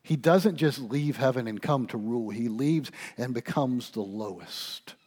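A man preaching a sermon, swinging between quiet, intimate passages and loud, animated storytelling. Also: mid-range voice, a little slow, husky.

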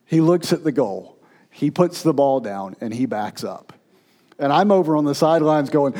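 Storytelling male pastor, slightly high voice. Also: lively intonation, moderate pace. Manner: storytelling, shifts from playful to hushed and tender. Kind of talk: sermon.

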